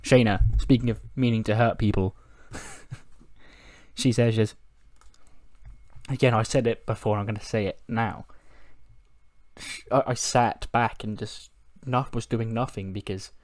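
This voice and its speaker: A man with a fairly low voice talks casually through a wrestling sim playthrough. He slips in and out of quick ad-libbed promos without changing his voice and laughs at his own lines. The sound is dry and close, with no room around it. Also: steady tone, darkish tone, no room sound. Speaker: let's-play commentator. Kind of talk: casual gameplay commentary.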